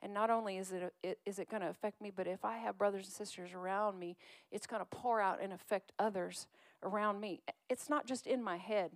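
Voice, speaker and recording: A woman's voice: mid-range voice, steady tone, brisk, few pauses, dry recording. Woman preaching a conversational sermon, dry close sound. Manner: conversational, coaxes the congregation to call out scriptures.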